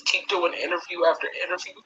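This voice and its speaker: A woman's voice: fairly low pitch, level tone, fast, sharp tone. A mother speaking out in blunt, profane, confrontational direct address. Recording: dull lo-fi sound.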